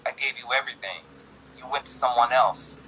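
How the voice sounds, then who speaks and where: A man's voice: medium pitch, brisk, slight background noise, lightly acted. A man voicing a cold, mocking man who feigns innocence on a phone call in a read-aloud story. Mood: smug, cold. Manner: quiet, smug, feigned innocence.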